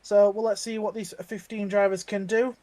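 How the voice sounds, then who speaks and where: A man's voice: sits high, little pitch movement, normal speed, a little mellow. A man co-commentating an online racing league, chatting and predicting lap times with frequent restarts. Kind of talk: casual race analysis and banter.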